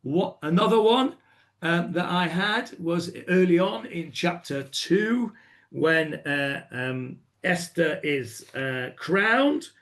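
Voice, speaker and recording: A man teaching a relaxed lesson on how to chant a reading, his voice sitting a little high for a man. He talks chattily, full of ums and uhs, and slips into short sung chants and loud acted lines to show how it is done. It sounds like a live class, not a scripted recording. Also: slow. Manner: chatty with many fillers, breaks into chanting and acted exclamations.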